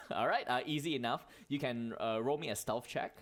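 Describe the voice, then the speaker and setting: A man's voice: medium pitch, normal speed, a bit bright. Chatty man running a tabletop game. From Malaysia. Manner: chatty, with self-corrections and laughs. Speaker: dungeon master. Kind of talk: narrating a tabletop game over voice chat.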